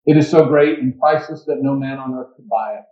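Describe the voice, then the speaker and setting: An eager, humble missionary pleads in a raised voice, read aloud by a preacher. The sound is muffled and comes from an echoey church with mic problems. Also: male voice, mid-range voice, a little fast, natural voice. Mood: earnest. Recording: dull echoey church recording.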